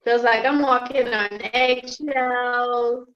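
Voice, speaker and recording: A woman recites spoken word poetry over a choppy video call, her voice slightly raised and unhurried. The call audio is dull and lo-fi, and her delivery is measured and rhythmic. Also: fairly high pitch, level tone. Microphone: video call with choppy connection.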